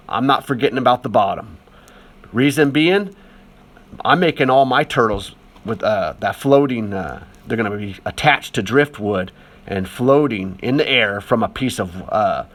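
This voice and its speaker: Talking casually over a demonstration, a man teaching art stays chatty and encouraging, filling his speech with plenty of fillers. His voice is lowish with a fairly bright tone.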